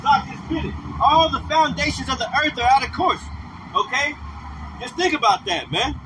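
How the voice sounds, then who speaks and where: A street preacher livestreams outdoors with a very high, animated voice at a moderate pace. He is emphatic and repetitive, using slangy casual talk that keeps ending in "man," while traffic noise from the street comes through the phone or camera mic.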